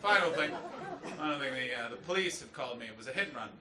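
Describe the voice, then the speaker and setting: A man from Canada doing a stand-up routine on a club stage, swinging from muttered asides to shouted punchlines. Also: mid-range voice, animated, quick pace, a loud crowd. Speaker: stand-up comedian. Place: comedy club stage before a laughing audience. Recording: echoey club from a distance, noisy.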